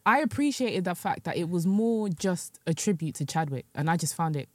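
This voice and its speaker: A woman's voice: lowish voice, expressive, moderate pace, darkish tone, no echo, clean studio sound. A woman guesting on a podcast, laid-back and blunt in casual chat.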